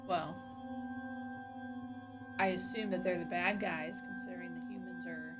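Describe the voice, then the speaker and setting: A woman's voice: on the low side, steady tone, measured pace, loud music behind the voice. A woman playing in a tabletop game, chatting casually and joking. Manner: playful, joking. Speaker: player. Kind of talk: casual chat.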